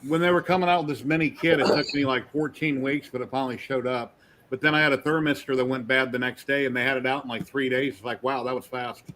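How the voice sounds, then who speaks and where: A man's voice: mid-range voice, steady tone, fast, a bit bright, a little hiss or hum. A man chatting casually on a stream, telling shipping stories in a plain matter-of-fact way. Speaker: stream guest. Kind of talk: casual chat.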